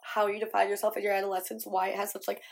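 A woman's voice: medium pitch, level tone, very fast, gravelly. A young adult woman hosting a podcast, chatting casually and telling stories with lots of "like". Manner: chatty storytelling, heavy use of "like". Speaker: podcast host. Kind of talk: casual chat.

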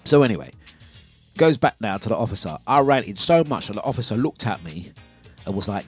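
A man, hosting a breakfast radio show and telling a story in a lively, casual way, acting out his own quotes. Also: fairly low pitch, brisk, slightly rough, faint music behind. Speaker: radio host. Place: radio studio.

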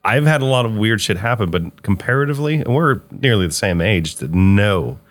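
Deep, lively-pitched teasing man. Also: fairly quick. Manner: teasing, chuckling interjections. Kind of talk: casual chat.

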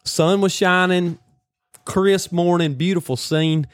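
Animated man telling a hunting story. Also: high-pitched, takes it slowly, clear, resonant tone, dry recording. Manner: animated, folksy rural slang. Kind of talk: casual storytelling.

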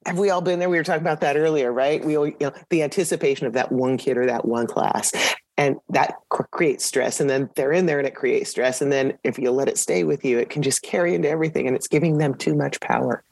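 A woman's voice: low voice, fast talker, creaky, a little mellow, dry recording. A woman hosting a podcast interview, reflecting back what her guest says and asking follow-up questions. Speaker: podcast host. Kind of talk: casual interview chat.

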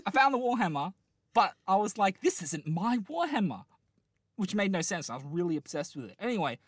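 A man's voice: sits high, lively intonation, fast talker, no room sound, studio quality. A man in his late twenties chatting casually, telling a long rambling dream with lots of laughter and restarts. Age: late 20s. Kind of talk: casual chat, dream storytelling.

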